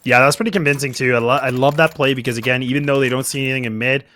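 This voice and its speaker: A man giving quick, analytical color commentary on a competitive shooter match, chatty with frequent restarts. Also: medium pitch, steady tone, fairly bright tone. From Canada.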